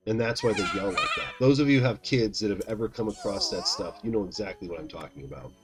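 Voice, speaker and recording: A man's voice: fairly low pitch, lively intonation, quick pace. A tired man in his thirties, rambling casually to his chat while playing a game. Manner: rambling, chatty, talks to chat by name. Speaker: game streamer.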